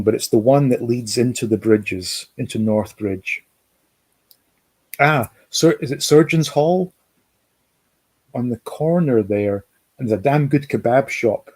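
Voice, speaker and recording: A man's voice: medium pitch, measured pace, a little mellow, no room sound. A man hosting a livestream, rambling casually, reading out chat comments and reminiscing. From Scotland. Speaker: livestream host. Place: home, lives in America.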